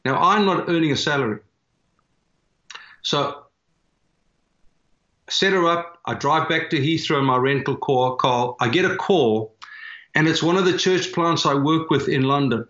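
A man with a South African accent telling a personal story in an earnest, animated way, filling pauses as he goes. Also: a little high. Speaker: guest, church planter. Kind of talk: storytelling in conversation. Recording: echoey, dull remote audio.

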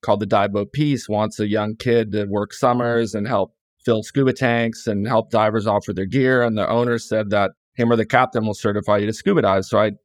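A man's voice: fairly low pitch, a little fast, few pauses, dry recording, clean studio sound. A middle-aged man from California, casually telling stories in an interview with lots of restarts and quoted dialogue. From California, USA. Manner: relaxed, rambling, frequent restarts and quoted dialogue. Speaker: guest author.

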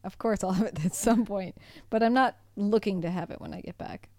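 A woman's voice: mid-range voice, brisk, warm tone, no echo, studio quality. A young woman from the United States co-hosting a podcast in casual chat, laughing often and poking fun at herself. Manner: giggly, self-deprecating. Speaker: podcast co-host.

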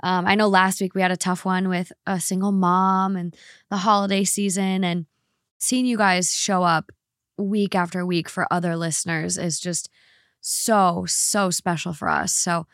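A woman's voice: fairly low pitch, little pitch movement, a little slow, no room sound, studio quality. A woman co-hosting a podcast in casual chat, upbeat and thankful to listeners. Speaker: podcast co-host.

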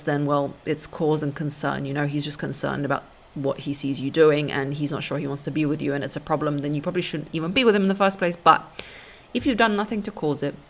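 A young woman hosting a podcast, giving blunt, sassy relationship advice and calling listeners honey and baby. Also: deep voice. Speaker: podcast host. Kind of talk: casual advice monologue.

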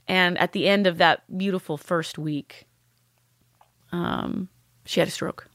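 A woman, a podcast guest, telling a painful personal story candidly, with halting restarts and blunt swearing. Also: on the low side, steady tone, a bit bright, dry recording, clean studio sound.

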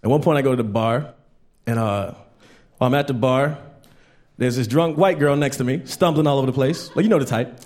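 A man performing a stand-up comedy set on stage, telling stories and mimicking people in animated voices. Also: mid-range voice, brisk, pauses often.

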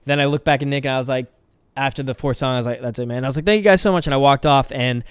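A man's voice: mid-range voice, level tone, rapid-fire, clean tone, no room sound. A young man guesting on an interview, telling stories in a rambling, candid way full of fillers. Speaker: musician guest. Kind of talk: casual interview storytelling.

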